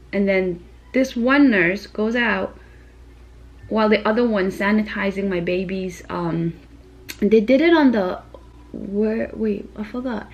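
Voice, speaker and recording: A young woman and new mother retelling a stressful story to camera in casual, emphatic vlog style, with many fillers. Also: mid-range voice.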